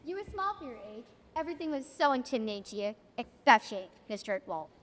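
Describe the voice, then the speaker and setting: In an echoey auditorium, recorded from a distance, a young adult woman narrates a school stage play straight to the audience. Her fairly high voice is sing-song and quick, with a wry storytelling tone.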